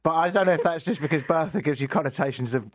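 A man's voice: on the high side, quick pace, dry recording, clean studio sound. A British man hosting a radio talk show, teasing and exasperated in casual banter. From Britain. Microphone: studio microphone.

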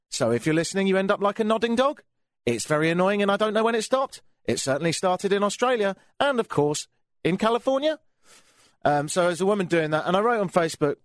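A talk radio host with an English accent, ranting in a sardonic, grumbling way. His voice sits fairly high and swings widely up and down as he complains. The sound is close and dry, with no room around it. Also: sing-song, fast talker, no room sound. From England.

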